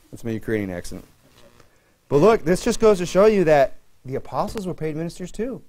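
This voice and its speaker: A pastor preaching a sermon in a conversational way, mixing scripture reading with humorous personal stories. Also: male voice, on the high side, expressive, brisk, a little mellow.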